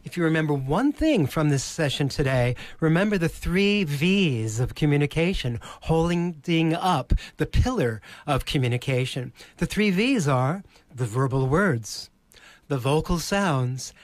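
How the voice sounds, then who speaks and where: A man with a slightly raised pitch explains presentation skills in a slow, deliberate manner. He drags out example phrases to show how the voice moves. The sound is close and dry. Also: big pitch swings, no echo. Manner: demonstrative, exaggerates phrases to show inflection. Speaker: presentation skills coach, podcast guest. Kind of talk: teaching voice technique in a podcast interview.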